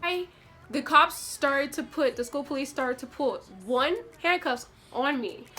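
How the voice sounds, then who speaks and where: A young woman telling a story in a casual, brash way, swearing freely and animated. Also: sits high, a little slow, faint music behind. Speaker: vlogger.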